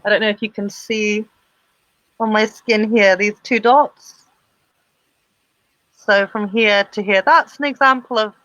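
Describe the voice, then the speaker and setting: A woman's voice: medium pitch, fairly bright tone, no room sound, muffled recording. A woman performance artist chatting as an interview guest, with lots of fillers and restarts. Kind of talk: casual interview chat.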